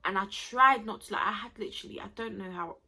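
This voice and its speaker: A woman's voice: medium pitch, fast, gravelly, bright, forceful tone. A young woman, chatting expressively to camera as she tells a personal story to her viewers. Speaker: vlogger.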